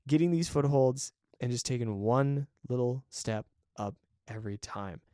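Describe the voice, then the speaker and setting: A man's voice: mid-range voice, normal speed, mellow, no echo, clean studio sound. A man hosting a solo podcast in a chatty, encouraging way, often correcting himself and laughing briefly. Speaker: podcast host. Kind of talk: casual solo podcast talk.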